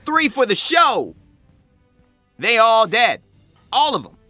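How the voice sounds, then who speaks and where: A man's voice: extremely high pitch, wildly swooping pitch, sharp tone, no room sound, faint music behind, voice pushed up, heavily acted. A man voicing a cocky, teasing male game announcer for a video game voice pack. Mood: swaggering. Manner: slow, swaggering hype with laughs.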